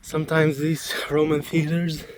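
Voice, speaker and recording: A man's voice: fairly high pitch, monotone, measured pace, noisy background. A man vlogging as he walks outdoors at ancient ruins, thinking aloud with a joking, self-mocking manner. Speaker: travel vlogger. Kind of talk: casual walk-and-talk narration.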